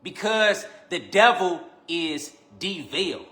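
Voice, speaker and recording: Bright-voiced man preaching on a livestream. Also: sits high, lively intonation, slow pace. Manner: preachy and teasing, repeats phrases, swings from loud to quiet. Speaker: livestream host. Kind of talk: casual preaching monologue on a live stream.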